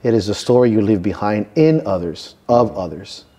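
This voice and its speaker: A man's voice: on the low side, moderate pace, mellow. A man coaching strongmen, talking earnestly about purpose and legacy in a podcast interview, swearing now and then for emphasis. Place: gym.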